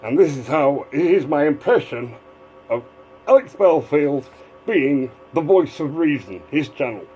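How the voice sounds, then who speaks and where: A man's voice: on the high side, lively intonation, a little slow, dark tone, soft background music, poor audio. A man giving a casual, rambling video commentary, drifting between asides. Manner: rambling, digressive, full of fillers and restarts. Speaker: vlogger.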